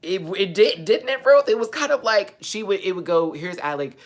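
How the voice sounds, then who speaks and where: A woman hosting a live stream in a casual, chatty way, answering her viewers and swinging between excited outbursts and low mutters. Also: normal speed. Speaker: livestream host.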